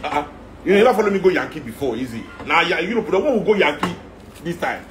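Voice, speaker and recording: A man's voice: fairly high pitch, expressive, fast talker, fairly bright tone, a little hiss or hum. A man with a Nigerian accent giving an impassioned rant, firing off rhetorical questions. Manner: heated, rhetorical, repeating questions. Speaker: speaker in a talk.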